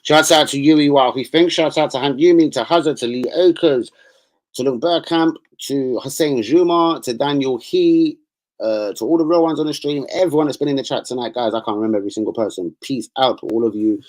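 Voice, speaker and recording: A man's voice: medium pitch, a little fast, darkish tone. A man chatting loosely on a football livestream. His talk is slangy and full of asides and swearing, and he often trails off into fillers. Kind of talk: casual livestream chat.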